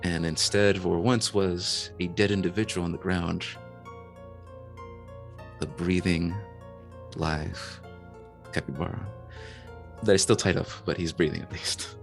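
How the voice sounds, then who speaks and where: Deep-voiced man narrating a tabletop game. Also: steady tone, vocal fry, faint music behind. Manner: slow, descriptive narration with hesitations. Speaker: game master.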